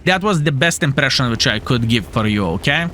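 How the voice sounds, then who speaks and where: Young streamer, bright tone, lively playful gameplay commentary. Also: male voice, medium pitch, a little fast, a little hiss or hum. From Lithuania. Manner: playful, jokey, addresses viewers as fellas. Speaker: gaming streamer.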